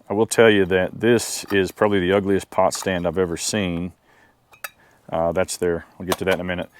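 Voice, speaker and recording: A man hosting a casual outdoor gear review, talking in a relaxed, rambling way with plenty of fillers. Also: low voice, slight background noise.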